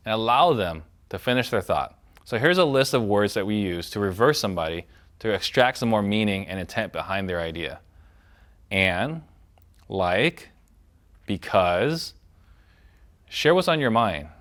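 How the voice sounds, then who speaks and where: A man with a fairly low voice teaches a recorded sales training course. He coaches in a direct tone and slips into the voices of prospects to demonstrate. His loudness and pace rise and drop to show each point. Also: animated, normal speed.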